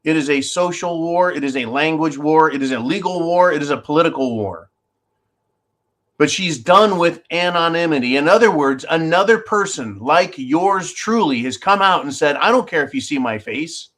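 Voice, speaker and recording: A man's voice: on the high side, moderate pace, a bit bright. A man hosting his own show, giving sarcastic, combative commentary straight to his viewers. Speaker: show host. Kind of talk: opinionated commentary.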